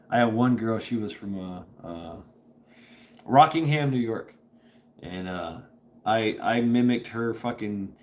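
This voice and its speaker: Rambling man who laughs and swears. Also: fairly low pitch. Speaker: livestream host. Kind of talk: casual chat. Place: at home, indoors. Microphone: camera propped on a table.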